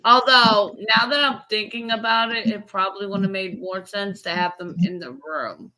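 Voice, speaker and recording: Brief: woman on a live-stream chat, sharp bright voice, dry wry humor. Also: mid-range voice, steady tone, moderate pace, low-quality recording. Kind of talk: casual chat. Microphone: live-stream call microphone.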